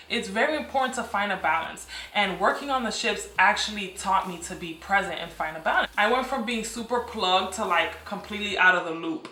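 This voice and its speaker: A woman's voice: medium pitch, bright, forceful tone, roomy sound, a little hiss or hum. A young woman in her twenties chatting enthusiastically to camera in a casual vlog from her apartment. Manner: chatty, enthusiastic, repeats phrases for emphasis. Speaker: beauty and lifestyle vlogger. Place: apartment room.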